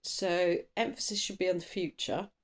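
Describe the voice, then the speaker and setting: A tarot reader gives a casual, chatty reading, rambling along, trailing off and starting over, with coffee-fueled bursts of speed. Her voice is on the low side, her tone steady, and her pace normal overall.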